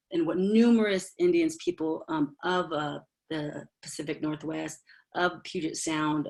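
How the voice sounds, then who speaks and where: A woman giving an informal, earnest talk on a video call, halting often with fillers and restarts. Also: low-pitched. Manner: heartfelt, earnest. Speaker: presenter at a virtual working group meeting. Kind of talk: informal spoken presentation.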